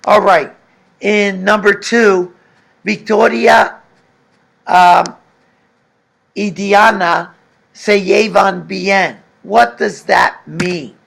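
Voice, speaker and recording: A man's voice: high voice, fairly even intonation, drawn-out words, creaky, long pauses, a bit bright. A man teaching a recorded language lesson, patiently explaining and asking the class questions. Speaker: Spanish teacher.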